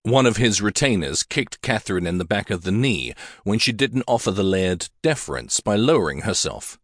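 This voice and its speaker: Reading a scripted historical romance, this male narrator keeps a measured, even storytelling manner. His voice sits lowish, and the studio-quality recording is dry.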